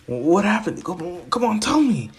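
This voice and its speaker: A young man jumps way up into a shrill, gushing voice for a vain middle-aged inventor father who can barely contain himself. The pitch leaps high and swoops around as he squeals over his son's success, and the talk runs breathless and eager. Faint music plays underneath. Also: very animated, normal speed.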